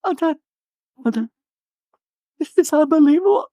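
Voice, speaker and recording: A man's voice: animated, moderate pace, warm tone, no echo, clean studio sound. A man voicing a distraught, dramatic reality-star woman who wails her lines melodramatically. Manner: shrill, melodramatic wailing.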